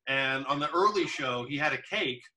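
A man's voice: mid-range voice, lively intonation, moderate pace, sharp tone, far from the mic, poor audio. A man chatting casually, telling a long anecdote with many fillers and restarts. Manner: rambling storyteller, many fillers. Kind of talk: casual chat.

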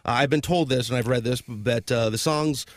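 A man co-hosting a casual podcast, meandering through stories with lots of ums, restarts and crude jokes. His voice sits at an ordinary pitch. It is recorded dry and close, with no room sound. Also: moderate pace, no echo. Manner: rambling, crude, many fillers and restarts. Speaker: podcast co-host. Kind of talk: casual chat.

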